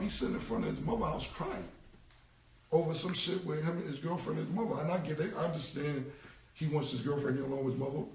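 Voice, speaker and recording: Blunt New York man, 40s, slightly high gravelly voice, casual street-talk rant. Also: echoey room, recorded from a distance. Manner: blunt, repetitive, streetwise slang with cursing. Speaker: rapper on a live stream. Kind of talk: casual live-stream rant. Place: indoor room, live stream. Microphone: phone mic.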